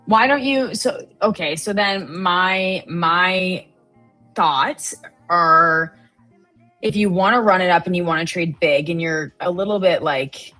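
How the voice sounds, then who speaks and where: A young woman co-hosting a live trading stream, chatty and quick with questions and fillers. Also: on the low side, fairly bright tone, soft background music. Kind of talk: casual chat.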